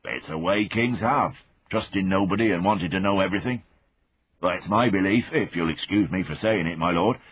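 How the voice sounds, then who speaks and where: A man's voice: low-pitched, fairly quick, slightly rough. A man voicing a wary, deferential burly soldier. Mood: confiding. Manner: respectful, placating, addresses listener as sir and lord. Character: big burly male soldier turned spy, wary, deferential. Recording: phone-like narrow band.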